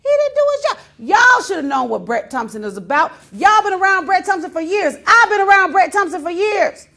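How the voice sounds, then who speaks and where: Lively, high-pitched talk show host woman. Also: a little fast. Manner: laughing often, mimicking others in quotes, exclaiming. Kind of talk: animated storytelling monologue.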